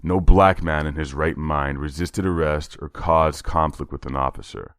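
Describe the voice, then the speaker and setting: A man narrating a horror short story in a measured, dramatic read. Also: very deep voice, fairly even intonation, a bit bright, no echo, studio quality.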